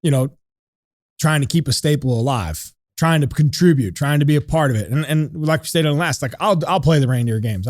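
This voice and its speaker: Guy ranting a story fast, cussing a lot, dry sound. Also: mid-range voice, a little mellow, no room sound. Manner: profane, heated, rapid storytelling. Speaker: podcast co-host. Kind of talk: animated storytelling.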